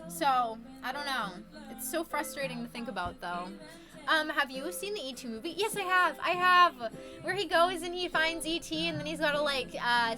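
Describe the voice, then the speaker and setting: A woman streaming live, chatting casually with her viewers, rambling and swearing as she gets worked up and reads chat messages aloud. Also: high-pitched. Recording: music playing behind.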